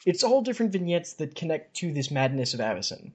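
Chatting his way through fantasy stories, this podcast host retells them casually and reads passages aloud. His fairly high voice is sing-song and husky, and he speaks fast.

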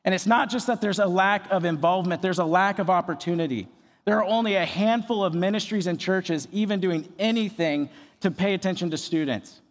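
A man preaching a sermon as a pastor, energetic and joking as he tells stories. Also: high-pitched, in a large hall. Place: church.

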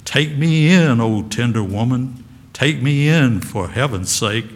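A sly, grinning serpent begs to be taken in and then mocks the one who saved it, as a preacher recites it in a sermon. The voice stays close to an ordinary middle-pitched man's. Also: lively intonation, unhurried. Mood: pleading. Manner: pleading, then mocking. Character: sly, grinning male snake begging to be taken in.

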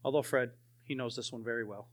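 A young man preaching a sermon and telling his own testimony, swinging from loud emphasis to hushed, near-whispered lines. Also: mid-range voice, steady tone, fast talker.

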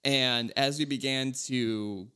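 A man in his thirties co-hosting a casual car podcast, telling stories in a relaxed, rambling way. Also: medium pitch, slow, smooth. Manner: relaxed, rambling, animated storytelling. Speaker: podcast co-host.

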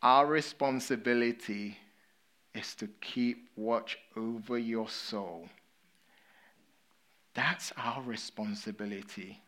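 An English-accented man preaching a sermon at an unhurried pace, his voice sitting in an ordinary middle pitch. He moves between lively storytelling and quiet, sobering emphasis. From England. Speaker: pastor.

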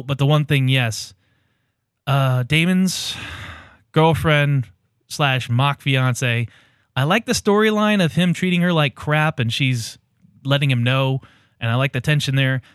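A man's voice: mid-range voice, clear, resonant tone, dry recording, studio quality. A man co-hosting a podcast, chatting casually in a rambling way with many fillers. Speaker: podcast co-host. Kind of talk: casual TV recap chat.

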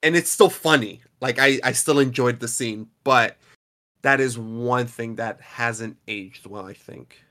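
Bright-voiced man chatting about movies. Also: mid-range voice, a little slow. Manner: animated, swears casually. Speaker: podcast co-host. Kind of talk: casual movie discussion.

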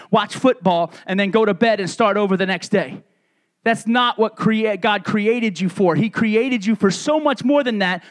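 Male pastor, middle-aged, very high voice, casual jokey sermon delivery. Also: a bit bright. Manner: humorous, conversational preaching with asides.

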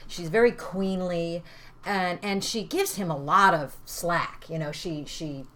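Animated middle-aged actress talking. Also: female voice, on the low side, measured pace, a little hiss or hum. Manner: animated, acts out lines as she explains. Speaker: Shakespearean actress and guest. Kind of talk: casual podcast chat.

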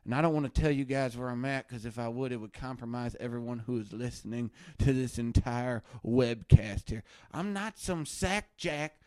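A man's voice: medium pitch, steady tone, fairly quick, hardly any pauses, no room sound. Bombastic ranting man, dry sound. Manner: bombastic, erratic swings from muttering to shouting. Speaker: mock livestream ranter. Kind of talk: satirical ranting webcast.

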